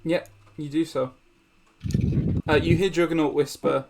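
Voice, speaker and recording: Slow gravelly game master. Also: male voice, fairly high pitch, fairly even intonation, loud music behind the voice. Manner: slow, hesitant with many fillers. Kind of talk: narrating a tabletop game.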